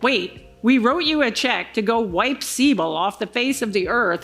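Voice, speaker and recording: A woman giving a conference keynote, telling a business story and acting out the other people's lines. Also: a little high. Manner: animated storyteller acting out quoted dialogue. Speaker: keynote speaker. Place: large conference hall stage.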